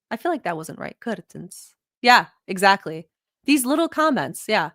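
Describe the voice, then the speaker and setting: Middle eastern-born woman doing reaction commentary, swears a lot, mid pitch, dry close sound. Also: big pitch swings, normal speed, a bit bright, dry recording. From Middle East. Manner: blunt, profane, laughing asides. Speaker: reaction vlogger host.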